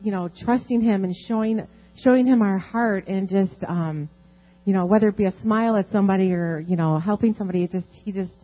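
Earnest woman giving a halting church testimony. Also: mid-range voice, muffled recording. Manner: halting, many ums, emotional and earnest. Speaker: church member sharing a testimony. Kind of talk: unscripted testimony. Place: church service.

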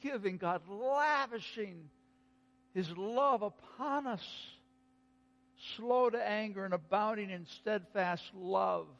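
A man preaching a sermon, slow and emphatic, dropping to a hush and then rising to exclaim. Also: high voice, gravelly, muffled recording. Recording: long hall reverb.

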